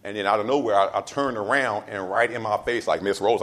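A pastor delivering a sermon, driving points home with repeated lines and swinging between loud emphasis and soft asides. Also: male voice, mid-range voice, fast talker, hardly any pauses. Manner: casual storytelling asides.

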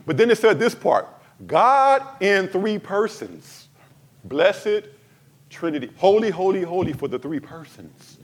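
A man preaching a sermon to his congregation, swinging from fervent cries to soft, emphatic lines and addressing the church directly. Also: high voice, very animated, measured pace. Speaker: pastor.

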